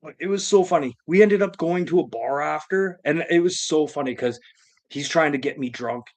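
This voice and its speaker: A man's voice: fairly high pitch, normal speed. Crude, rambling storytelling man. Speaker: live-stream host. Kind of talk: profane comedic storytelling.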